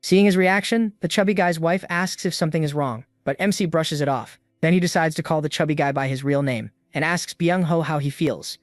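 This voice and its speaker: A man narrating a comic story recap in a steady, even storytelling manner, recorded close to the mic. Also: on the high side, fairly quick, hardly any pauses, no room sound.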